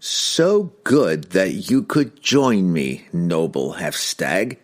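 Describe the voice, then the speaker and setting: A man voicing a scheming, pampered male wizard who speaks in a slow, calm, crooning way with an evil edge. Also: fairly low pitch, exaggerated voice. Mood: silky menace.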